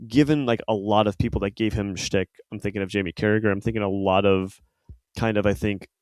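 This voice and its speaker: Male podcast co-host, loose and rambling, slightly low voice. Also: fairly even intonation, fairly quick, darkish tone, clean tone, no echo. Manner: rambling, filler-heavy, self-correcting. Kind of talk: casual football chat.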